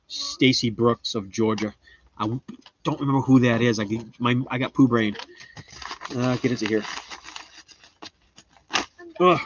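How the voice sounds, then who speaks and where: A man's voice: a bit bright, no echo. A man chatting casually on a live stream as he shows off garden seeds, rambling, goofy and mocking himself. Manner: rambling, goofy, self-mocking, jumps into high silly voices. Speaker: homestead gardening livestreamer. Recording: dull, slightly lo-fi dry sound.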